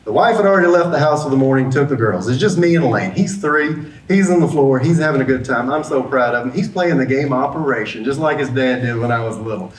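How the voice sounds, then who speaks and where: Middle-aged man telling a lively story. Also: medium pitch, fast. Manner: lively storyteller who acts out the dialogue. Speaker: business coach giving a talk. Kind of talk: motivational talk with a personal story. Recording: roomy sound, mic at a distance, faint background hum.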